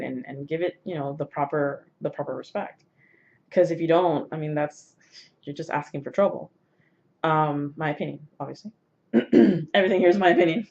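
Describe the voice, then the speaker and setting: A woman's voice: low-pitched, darkish tone. A woman vlogger with a sore throat, casually telling a personal story to camera, rambling with many fillers and restarts. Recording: dull lo-fi recording.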